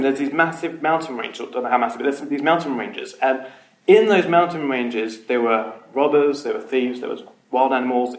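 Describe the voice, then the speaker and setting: A man leading an informal Bible study, earnest, often repeating words and putting questions to the group. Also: a little high. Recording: echoey room, faint noise.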